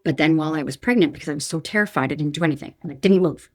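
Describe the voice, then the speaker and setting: A woman's voice: sits low, rapid-fire, dry recording, studio quality. A woman in her thirties, a podcast guest, telling a painful personal story candidly, frank and emotional with many restarts.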